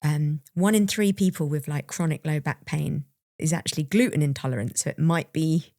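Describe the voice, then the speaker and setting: This podcast co-host is a young adult woman whose low-pitched voice has a darkish tone and a moderate pace. Candid and reflective, she relates a personal story and laughs now and then while remembering. The recording is dry and cleanly studio-made.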